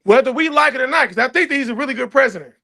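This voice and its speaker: A man's voice: very high voice, lively intonation, racing, creaky, pushed and bright. A man on a heated call-in panel making provocative, rambling points before leaving.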